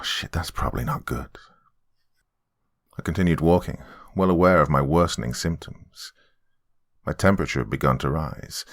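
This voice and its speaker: Very deep-voiced man narrating horror. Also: a bit bright. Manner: dramatic first-person storytelling. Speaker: horror podcast host and narrator.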